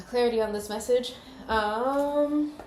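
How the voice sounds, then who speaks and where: A woman's voice: a little high, takes it slowly, darkish tone, roomy sound, slight background noise. Chatty, foul-mouthed tarot-reading woman. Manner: loose, profane and chatty. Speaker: tarot card reader. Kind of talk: casual spoken tarot reading.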